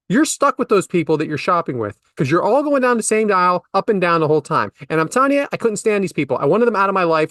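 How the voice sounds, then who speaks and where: A man's voice: sits high, no echo, studio quality. A man telling a casual, exasperated anecdote, repeating himself for comic effect. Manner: animated, exasperated storytelling with repetitions. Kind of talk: casual storytelling chat.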